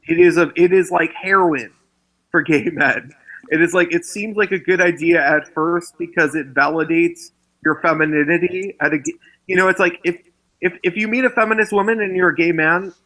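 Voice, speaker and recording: A man hosting a casual chat after a movie, talking in animated, rambling bursts with many restarts, on a wireless clip-on mic. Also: a little high, moderate pace, rough recording. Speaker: vlog host. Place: indoors after a film screening.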